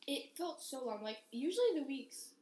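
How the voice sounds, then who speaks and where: A young woman tells a story in loose, chatty talk. It is full of fillers. Her slightly high voice rings in an echoey room. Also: very animated, normal speed, darkish tone. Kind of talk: casual chat among friends.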